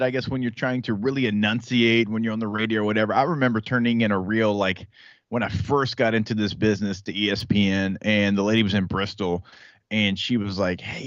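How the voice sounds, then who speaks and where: A man's voice: fairly low pitch, steady tone, a little fast, no room sound. Sex: man. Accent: Louisiana country drawl. Role: sports radio co-host. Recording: dry, slightly dull studio mic. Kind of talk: casual sports radio banter.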